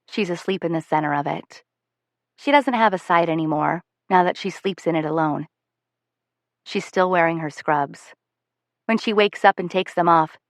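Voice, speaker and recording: Woman, audiobook narrator, first-person storytelling, measured and soft-spoken, lowish voice, dry close mic. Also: no room sound.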